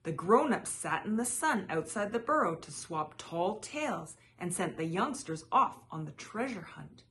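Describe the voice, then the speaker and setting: A woman reading a children's picture book aloud as a channel host, with lively, expressive storytelling. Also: lowish voice, moderate pace.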